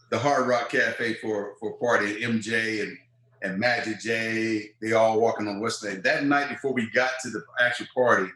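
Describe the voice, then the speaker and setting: A man in his fifties, a former football player, telling stories in an interview and acting out quoted voices. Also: mid-range voice. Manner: animated storyteller, acts out quoted voices. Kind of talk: storytelling interview. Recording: roomy echo.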